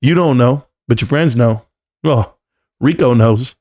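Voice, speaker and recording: Standing at his desk during a live stream, this host chats casually, cracks jokes, wanders off topic, and calls everybody "bro." He speaks at an unhurried pace in a medium-pitched, slightly mellow voice.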